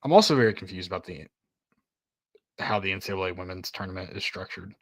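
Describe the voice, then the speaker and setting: A man's voice: low voice, fast, dry recording, clean studio sound. A young man co-hosting a casual sports podcast, easygoing and asking questions. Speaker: podcast co-host.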